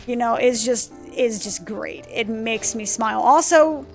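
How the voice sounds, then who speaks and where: A woman streamer giving casual let's-play commentary, rambling, excitable and profane as she goes. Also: fairly high pitch, unhurried, soft background music. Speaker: gaming streamer.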